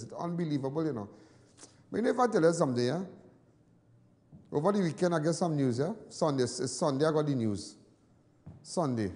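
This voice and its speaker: A Trinidadian man hosting a news show, telling personal stories in casual commentary, animated and then low and soft when sad. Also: long reverb tail. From Trinidad and Tobago.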